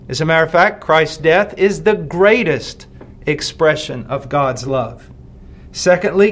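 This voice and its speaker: Male preacher, slightly high voice, slow and deliberate, hammers key words and repeats lines. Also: lively intonation. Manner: emphatic, slows and stresses key words; repeats phrases for emphasis. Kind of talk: sermon.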